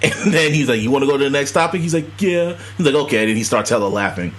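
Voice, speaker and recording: A man's voice: mid-range voice, expressive, very fast, a bit bright. A man co-hosting a podcast in casual chat, swearing, laughing and acting out quoted voices. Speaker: podcast co-host.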